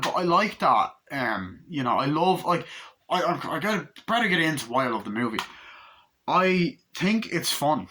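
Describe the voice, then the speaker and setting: A man's voice: a little high, big pitch swings, moderate pace, bright, forceful tone, slight background noise. A young man giving a casual, rambling movie review, hyper and swearing a lot, slipping into silly voices for quotes.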